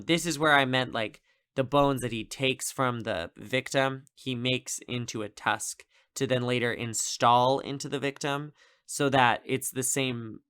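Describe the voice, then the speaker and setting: Bright, clear-voiced man rambling casually. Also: mid-range voice. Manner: rambling, heavy use of "like" and "um" fillers. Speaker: podcast co-host reviewing a film. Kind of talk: casual recap chat.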